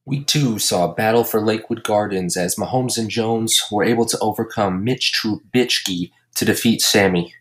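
A man hosting a casual comedy podcast, recapping his fantasy league with crude jokes and deadpan roasts. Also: lowish voice, moderate pace, hardly any pauses, a little hiss or hum. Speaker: podcast host and league commissioner.

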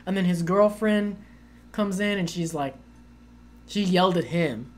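A woman's voice: on the low side, measured pace. A woman co-hosting a casual chat, telling a long story with many fillers and acted-out quotes. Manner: animated, acts out quoted voices with lots of "like".

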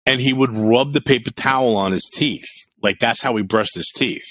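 A man's voice: medium pitch, moderate pace, no room sound. A middle-aged man chatting on a podcast, telling blunt, profane stories with lots of energy. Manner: animated storyteller, blunt and profane. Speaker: podcast co-host. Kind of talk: casual podcast chat.

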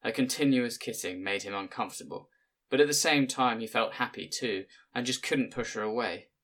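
A man narrating an audiobook in a measured, plain storytelling manner. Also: medium pitch, a bit bright.

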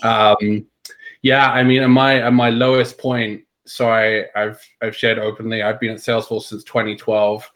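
Low-voiced British man, flat delivery. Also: normal speed. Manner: candid and open, self-deprecating. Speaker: nonprofit founder and interview guest. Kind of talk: casual interview.

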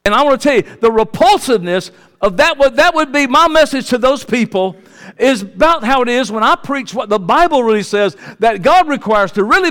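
A pastor preaching in a church, his voice pitched high and swooping from hushed asides up to loud, pressing peaks. The room gives him a long, ringing reverb. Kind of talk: sermon. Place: church sanctuary.

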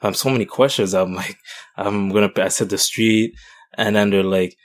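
A young man from Canada co-hosting a podcast discussion, talking in a halting way with many restarts and fillers. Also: fairly low pitch. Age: young adult. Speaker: podcast co-host. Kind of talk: casual discussion.

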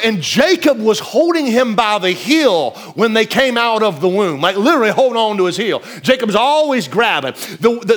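A man preaches a sermon in a church. His voice sits high and moves in big, lively jumps. He repeats phrases, pushes hard on some lines and drops low on others. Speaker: pastor.

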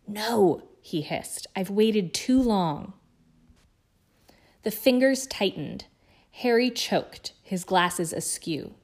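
A woman guest reader narrating a novel chapter aloud in a measured, hushed way. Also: on the low side.

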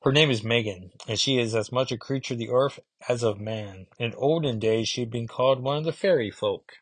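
A man's voice: mid-range voice, a little fast, husky, no room sound. A man in his thirties chatting casually in a rambling way, reviewing comic books, with frequent fillers.

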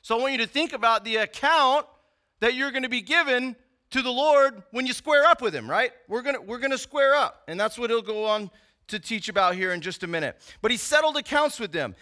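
Very high-voiced male preacher. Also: expressive, brisk, sharp tone. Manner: conversational, emphatic teaching with frequent tag questions. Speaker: pastor. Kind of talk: sermon.

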